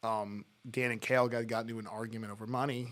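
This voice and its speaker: A middle-aged man talks as a podcast guest, his pitch sitting right in the middle. He tells long, loose anecdotes, often restarting his sentences and breaking into laughs as he goes. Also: little pitch movement, fast talker, a bit bright. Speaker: podcast guest, music talent buyer. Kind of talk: casual interview storytelling.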